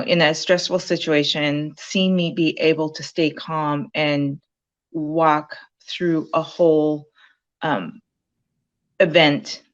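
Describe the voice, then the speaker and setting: A woman's voice: sits low, lo-fi sound. A woman being interviewed about her time in a program, talking casually with lots of fillers and restarts. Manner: rambling, many fillers and restarts. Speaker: program graduate sharing her story.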